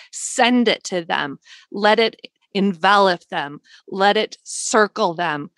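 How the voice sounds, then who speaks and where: A woman's voice: mid-range voice, dry recording. A woman hosting a spiritual podcast, talking earnestly and emotionally, with many casual fillers. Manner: earnest, emotional, soft-spoken with frequent "like" fillers. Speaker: podcast host.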